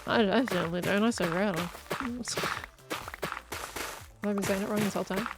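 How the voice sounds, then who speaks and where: A woman's voice: mid-range voice, normal speed, over loud music. A young woman chatting casually while streaming a game, musing aloud and laughing often. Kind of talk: casual live-stream chat while gaming.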